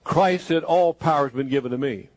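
A man preaching a sermon, speaking in first person as Jesus and moving between hushed, slow lines and emphatic bursts. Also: on the high side, no room sound.

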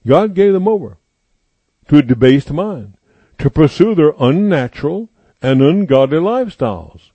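A male preacher delivering a sermon, repeating his points slowly and with emphasis. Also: mid-range voice, mellow, no echo, lo-fi sound. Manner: slow emphatic repetition, declaring.

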